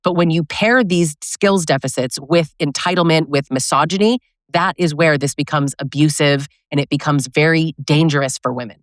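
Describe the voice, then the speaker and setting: A woman's voice: sits low, normal speed, dry recording, clean studio sound. Direct woman coaching on relationships. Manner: direct, conversational, asks rhetorical questions. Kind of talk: educational talk to camera.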